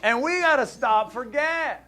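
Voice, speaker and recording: A man hosting a talk show, telling a story to a caller in a casual, animated way and acting out the dialogue. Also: very high-pitched, a little slow.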